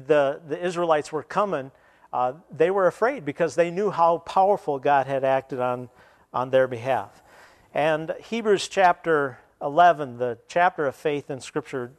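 A man preaching a sermon, retelling scripture and then explaining it with pauses and restarts. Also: a little high.

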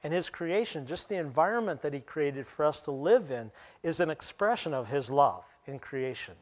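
A pastor delivering a sermon in a somewhat high-pitched male voice. He is lively and wry, and he chuckles between points as he explains scripture to his congregation. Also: moderate pace. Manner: animated, chuckling, wry asides.

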